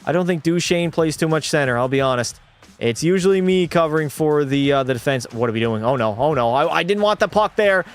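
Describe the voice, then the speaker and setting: A man's voice: mid-range voice, fairly quick, clear, resonant tone. A young man streaming a hockey video game, calling the plays like a broadcaster, swearing freely and talking to his chat. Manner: excitable play-by-play, swears freely, talks to chat. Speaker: gaming streamer.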